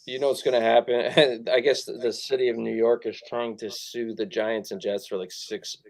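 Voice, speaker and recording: A man's voice: mid-range voice, flat delivery, normal speed. A man co-hosting a casual sports talk show, talking in a rambling way with asides. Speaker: podcast co-host.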